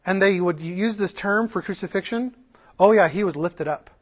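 A man with a notably high voice delivers a sermon in the manner of a passionate preacher. He presses his listeners with rhetorical questions, then drops into earnest, conversational asides full of restarts. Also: normal speed. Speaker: pastor.

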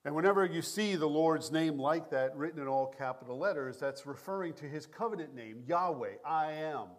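A male pastor with a slightly higher voice delivers a sermon in a measured, prayerful cadence. His New York accent shows through at times. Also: expressive.

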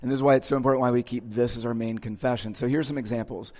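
Male pastor, relaxed sermon style, average pitch, long reverb of a big sanctuary. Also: very fast. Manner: casual, checks in with listeners. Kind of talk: conversational sermon.

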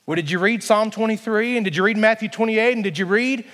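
A man voicing a kind, wise old grandmother, soft-spoken and gentle, within a sermon. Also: high-pitched, fast, big-room sound.

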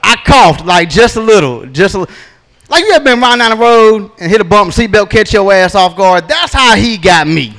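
A man's voice: sits high, lively intonation, moderate pace, a bit bright. A man, doing a stand-up comedy set in a laid-back, drawling storytelling manner with punchy asides, on a handheld stage mic.

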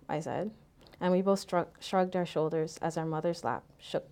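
A woman reading a first-person story in a measured way, letting her phrases fall away softly at the ends. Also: fairly low pitch, smooth. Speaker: narrator.

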